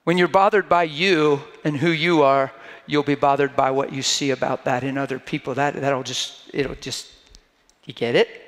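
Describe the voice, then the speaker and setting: A man's voice: medium pitch, steady tone, normal speed, fairly bright tone, in a large hall. A man preaching a sermon in a conversational way that builds to fervent emphasis, now and then acting out mocking quoted voices.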